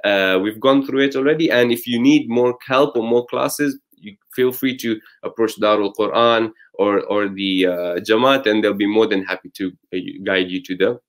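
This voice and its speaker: A man hosting and teaching, casually summarizing recitation lessons with frequent fillers and restarts. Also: fairly low pitch. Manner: explains patiently with many fillers and restarts. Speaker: host and Quran recitation teacher.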